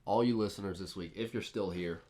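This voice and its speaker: A young man co-hosting a casual podcast, telling stories in an excitable, hype-filled way. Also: sits low, fairly quick, a little hiss or hum. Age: young adult. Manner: excitable storyteller, lively and hype-driven. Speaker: podcast co-host.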